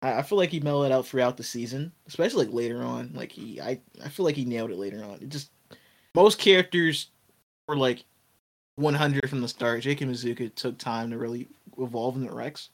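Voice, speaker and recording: A man's voice: mid-range voice, brisk. A man co-hosting a laid-back review podcast. He talks loosely and rambles, leaning on "like" in nearly every sentence. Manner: loose, rambling, heavy use of "like". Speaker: podcast co-host. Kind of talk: casual review chat.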